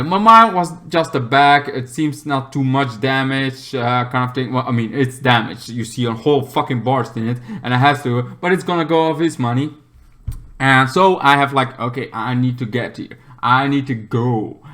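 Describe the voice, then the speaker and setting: Young man, vlogger, very bright, sharp tone, rambling and swearing, erupts into loud shouts. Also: medium pitch. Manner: rambling, filler-heavy, swears a lot, bursts into shouts. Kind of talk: rambling casual vlog storytelling.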